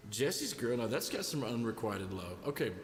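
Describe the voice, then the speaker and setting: A man's voice: medium pitch, big pitch swings, normal speed. Guy rambling and joking with his stream chat between songs, kinda echoey room, guitar going behind him. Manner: rambling, joking, greets viewers by name. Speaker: singer-songwriter hosting a live music stream. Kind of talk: casual chat with live viewers between songs. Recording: roomy sound with long reverb. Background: guitar music.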